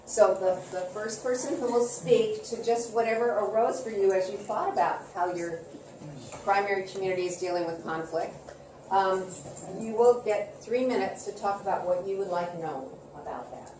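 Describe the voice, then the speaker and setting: A woman facilitating a workshop, calmly giving instructions for a listening exercise to the group. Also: mid-range voice, normal speed. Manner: calm, instructive, gentle pacing. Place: large conference hall. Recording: roomy hall from far off, noisy.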